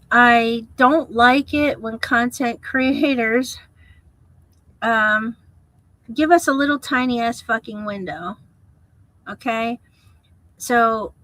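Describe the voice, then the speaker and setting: A woman's voice: a little high, pushed and bright, no room sound, rough recording. A woman streamer ranting in a casual, profane, exasperated way to her viewers, then apologizing. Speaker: streamer reacting to a video.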